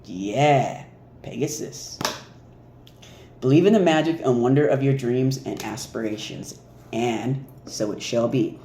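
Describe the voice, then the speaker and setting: Male card reader, casual and animated, warm tone, faint hiss behind. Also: mid-range voice, a little slow. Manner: animated, laughing, mimics reactions. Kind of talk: casual spiritual card reading. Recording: echoey room with faint noise.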